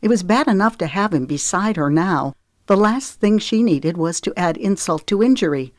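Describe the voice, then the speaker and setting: A woman narrating an audiobook in a steady, even storytelling voice. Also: medium pitch, moderate pace, dry recording.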